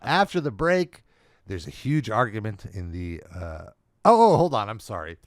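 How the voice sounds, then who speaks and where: A man co-hosting a wrestling review podcast in casual chat, excitable and acting out the crowd's reactions. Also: fairly low pitch, moderate pace, no room sound, clean studio sound. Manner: excitable, acts out quoted reactions. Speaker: podcast co-host.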